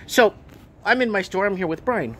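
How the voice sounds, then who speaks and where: A fairly high-voiced man in his thirties vents to his camera from his half-finished shop. He rambles, circles back and repeats himself in an exasperated, casual vlog rant. A faint hum of noise sits behind him. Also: animated, normal speed. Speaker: vlogger and shop owner. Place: shop under renovation.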